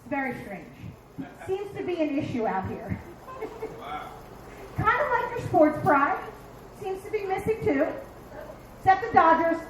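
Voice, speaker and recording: A woman's voice: very high voice, very animated, a little slow, pauses often, slight background noise. A woman in her fifties from Philadelphia doing a stand-up comedy set on a bar stage, brash and profane with acted-out asides. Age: 50s. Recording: echoey bar room.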